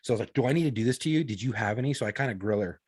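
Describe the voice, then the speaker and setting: A man's voice: medium pitch, animated, racing, darkish tone, husky, no echo. A man in his thirties, a podcast co-host, telling a story in casual, profane talk full of quoted dialogue. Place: podcast studio.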